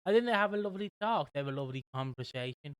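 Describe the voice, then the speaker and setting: A young British man co-hosting a podcast, casually recapping a soap with a rambling, animated manner. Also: a little high, racing, clear, resonant tone, dry recording. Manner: rambling, animated retelling with quoted voices. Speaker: podcast co-host.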